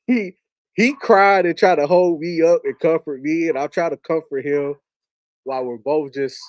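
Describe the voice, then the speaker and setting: A man's voice: mid-range voice, no echo. A man sharing a heartfelt personal story with an audience, emotional and repetitive, often restarting his sentences. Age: adult with a wife and two young kids.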